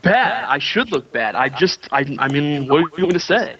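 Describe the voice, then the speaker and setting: Casting: male guest, slightly high voice, sheepish and self-blaming, heard over a dull lo-fi line. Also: lively intonation, moderate pace, pushed and bright. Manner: sheepish, admits fault. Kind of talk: casual call-in talk.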